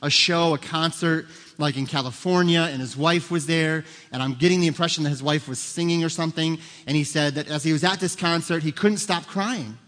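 Earnest pastor with a raised voice. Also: male voice, a little high, brisk, a bit bright. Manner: earnest, emphatic, repeats key lines. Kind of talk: sermon. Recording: long reverb of a large hall.

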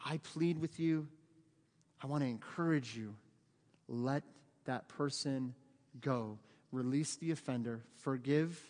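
A man's voice: mid-range voice, slow pace, long pauses, darkish tone. A middle-aged man from the United States, a pastor preaching a sermon in an earnest, pleading way that builds to emphatic peaks. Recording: long church hall reverb.

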